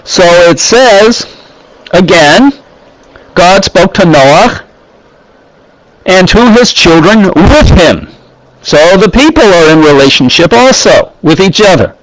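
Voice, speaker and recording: Slow, high-voiced man teaching scripture. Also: animated, no room sound, rough recording. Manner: deliberate, pausing often, reads Hebrew phrases and explains them. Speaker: Bible teacher.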